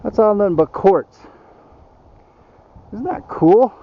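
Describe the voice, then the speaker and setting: A man's voice: high voice, lively intonation, slow pace, highs cut off, a little hiss or hum. An older man rambling in a folksy way, chatting casually to his viewers on a road-trip vlog. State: out of breath. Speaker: van-life vlogger. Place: outdoors in the mountains.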